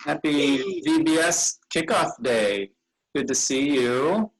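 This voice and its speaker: Sleepy guy w a husky voice, bible school leader rambling to the kids. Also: a little high, expressive, slow pace, low-quality recording. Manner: rambling, friendly, loses his train of thought. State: tired, yawning. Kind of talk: casual chat with children.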